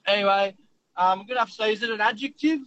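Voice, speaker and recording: A man with an Australian accent calling in to a radio quiz, excitable and matey. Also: sits high, very fast. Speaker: caller. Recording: dull phone line.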